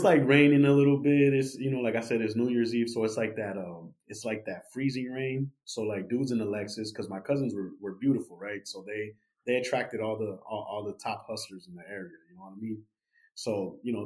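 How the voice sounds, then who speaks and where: A young man casually telling a story as a podcast guest, animated and full of fillers like "you know" and "right". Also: fairly low pitch. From United States.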